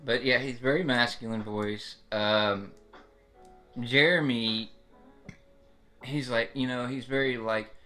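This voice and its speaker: A man's voice: mid-range voice, steady tone, takes it slowly, long pauses, sharp tone, soft background music. A man chatting casually on a live stream, rambling with lots of restarts and fillers. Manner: rambling, restarts, frequent "like" and "you know". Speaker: streamer describing his experience.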